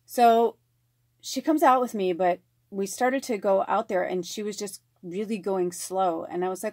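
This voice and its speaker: A woman reading oracle card messages in a slow, measured way and telling a chatty personal story full of fillers. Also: mid-range voice, a little mellow, dry recording, clean studio sound. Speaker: spiritual card reader.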